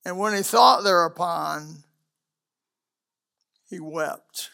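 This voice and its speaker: A male preacher giving a sermon to a congregation, swinging from loud declarations to hushed asides. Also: sits high, slow, creaky. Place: church hall with a congregation.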